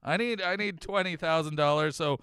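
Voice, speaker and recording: A man hosting a casual show recap, joking loudly and laughing often. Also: a little high, fairly quick, clean tone, no echo, clean studio sound. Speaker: host.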